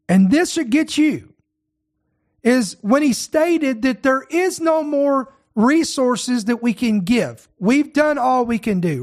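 Hosting an online show, a man who leads a ministry delivers impassioned, indignant commentary packed with rhetorical questions. His pitch is extremely high.

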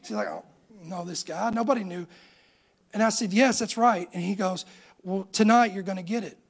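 A man's voice: high voice, animated, normal speed. A middle-aged man, preaching a sermon and telling his own story with rising emphasis. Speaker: pastor.

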